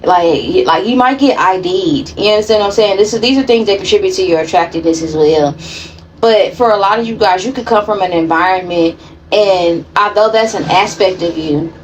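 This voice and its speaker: A woman's voice: mid-range voice, slight background noise, rough recording. A woman giving a casual tarot reading in a blunt, profane and slangy way. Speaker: tarot reader.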